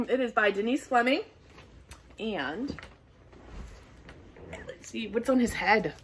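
A woman's voice: on the high side, expressive, takes it slowly, slight background noise. A woman reading a picture book aloud to toddlers, with lots of gasps and sing-song calls for the children to join in. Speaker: children's storytime reader.

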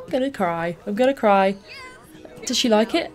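A young woman, a let's play host, giving gushing, excitable gameplay commentary full of exclamations. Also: high voice, normal speed.

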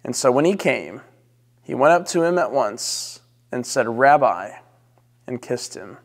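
A man's voice: medium pitch, expressive. Male pastor, solemn scripture reading and prayer, long hall reverb. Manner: slow, solemn, measured reading. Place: church sanctuary.

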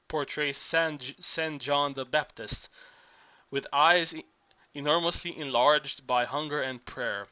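Guy reading an audiobook, stumbles and restarts a lot, bright voice. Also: on the high side. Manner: frequent slips and restarts. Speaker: audiobook reader. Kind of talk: audiobook narration.

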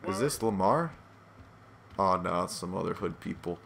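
A man's voice: deep voice, lively intonation, normal speed, vocal fry, crowd noise. Tired, rambling male game commentator. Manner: rambling, profane, self-deprecating. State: tired, yawning. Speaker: gameplay commentator. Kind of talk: casual gameplay commentary.

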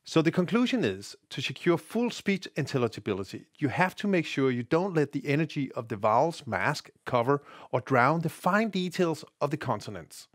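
A man presenting a scripted technical tutorial, explaining things in a measured, precise way. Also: a little high, big pitch swings, no room sound, clean studio sound.

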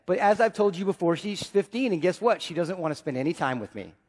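Pastor, man in his 40s, higher voice, preaches with big loud-to-hushed swings, church hall reverb. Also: lively intonation, quick pace. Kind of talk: sermon. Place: church sanctuary.

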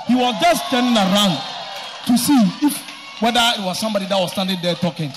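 Man, church announcer, high voice, slow emphatic delivery. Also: expressive, background noise. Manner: slow, emphatic, building to loud declarations. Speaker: church announcer presenting a congregant. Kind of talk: public church testimony narration.

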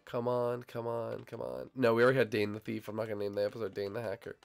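A young man casually commenting on his gameplay, bantering and teasing his teammates, his voice still a little hoarse as it recovers. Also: medium pitch, monotone, quick pace, soft background music. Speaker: gaming channel host.

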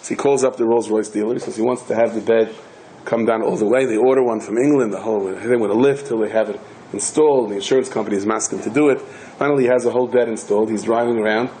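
A man's voice: on the low side, fast, a little hiss or hum, rough recording. An older man giving a lecture as a rabbi, telling stories with humor and many restarts. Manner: animated, joking storyteller with many restarts. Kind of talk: storytelling Torah lecture.

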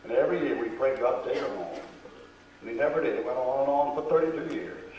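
Older man, folksy preacher, distant and roomy, faint crowd hush. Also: mid-range voice, fast, a little hiss or hum. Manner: folksy storytelling, acts out quoted voices. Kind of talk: sermon. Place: church. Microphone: far camera. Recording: roomy echo, recorded from afar.

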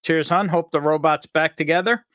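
An upstate New York man hosting a live stream keeps things upbeat and jokey, reading out names from the chat to greet people. His voice is a little high and slightly bright, at a moderate pace, with clean studio sound and no room echo.

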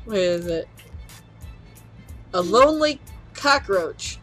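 A woman's voice: on the high side, expressive, a little slow, a bit bright. A woman casually playing a video game with a child, laughing often and coaxing her along. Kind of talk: casual let's-play chat. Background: faint chiptune music.

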